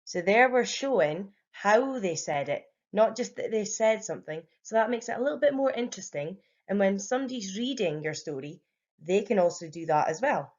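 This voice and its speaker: Bright, encouraging Scottish woman teacher. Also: mid-range voice, expressive, normal speed, muffled recording. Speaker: primary school teacher. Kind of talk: recorded home-learning lesson.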